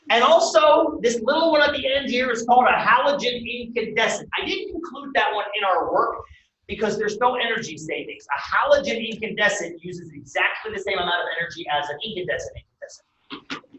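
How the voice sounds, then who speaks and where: A man teaching a college class, lively and quizzing his students with questions. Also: very high-pitched. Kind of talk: classroom lecture. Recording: echoey room, distant dull mic.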